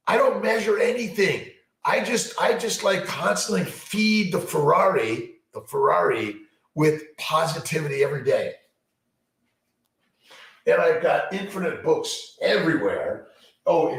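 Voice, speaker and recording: Playing a fertility doctor, a man fields viewer questions during a rambling, upbeat live chat, often repeating himself and starting over. His voice is medium-pitched, creaky and fairly bright, recorded at low quality in an echoey room. He sounds upbeat and motivational, with lots of fillers and restarts.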